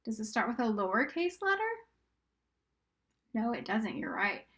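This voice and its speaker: Teacher lady walking little kids thru spelling, kinda high voice, patient, stretches words out slow. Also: sing-song, a bit bright. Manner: patient, encouraging, models sounding out words slowly. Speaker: reading intervention teacher. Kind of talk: recorded remote reading lesson.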